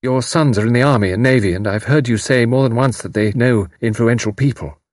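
A man reading aloud, voicing an intense, grieving young woman who speaks quietly and earnestly. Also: mid-range voice, brisk, no room sound, studio quality, pitched above the performer's own voice, lightly acted. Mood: pleading. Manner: quiet, flat, then pleading.

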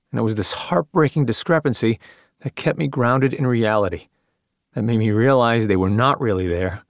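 A man's voice: mid-range voice, no echo. Man narrating an audiobook in dry sound. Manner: measured, subdued storytelling. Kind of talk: first-person audiobook narration.

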